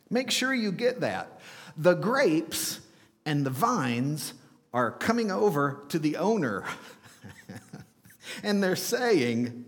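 A man preaching a sermon as pastor, animated and asking his listeners rhetorical questions. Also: high voice, slow pace, long pauses. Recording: long reverb of a large hall.

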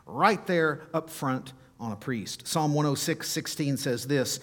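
A man preaching a sermon, reading scripture aloud with feeling and emphasis, slowing for dramatic pauses. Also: on the high side.

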